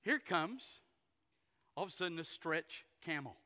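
A pastor preaching a sermon, telling stories folksily and acting out the characters. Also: male voice, fairly high pitch, expressive, unhurried, sharp tone. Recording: long hall reverb.

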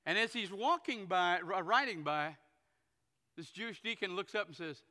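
Pastor preaching, high bright voice, big echoey church hall. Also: male voice, moderate pace. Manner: folksy storytelling, acting out characters. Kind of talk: sermon. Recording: long hall reverb.

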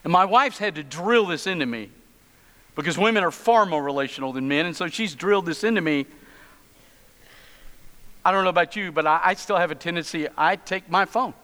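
A middle-aged pastor moves a little fast through his sermon, leaving long pauses between funny stories and asides. His bright, forceful voice sits a bit high and echoes with the long reverb of a church sanctuary.

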